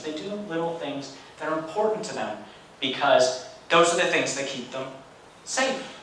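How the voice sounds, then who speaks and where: A man in his forties giving a storytelling lecture as a guest speaker, animated and conversational with wry humor. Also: medium pitch, slight background noise. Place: large university lecture hall. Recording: echoey hall, distant mic.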